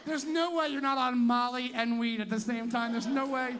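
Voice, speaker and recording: High-pitched male stand-up comic, brash, teasing, foul-mouthed crowd work. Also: fairly even intonation, moderate pace, a bit bright, slight background noise. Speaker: stand-up comedian. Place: tent venue with a live audience.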